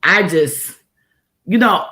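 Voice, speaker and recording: An animated woman tells a story in casual chat. Her voice is bright and forceful, and she leans hard on repeated phrases to drive each point home. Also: lowish voice, slow. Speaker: host.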